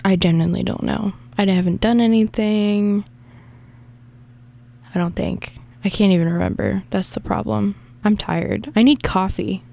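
A young woman with a Southern American accent hosts a radio music show, chatting loosely between tracks. She rambles in a chatty, self-deprecating way. Her voice sits at an ordinary middle pitch. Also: fairly even intonation, normal speed, gravelly, warm tone. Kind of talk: casual radio DJ chat between songs.

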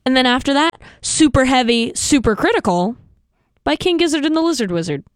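Chatty young woman with a smooth voice. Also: sits high, animated, no room sound, studio quality. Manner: chatty, tangent-prone, self-mocking, quick laughs. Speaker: radio show host. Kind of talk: casual rambling monologue.

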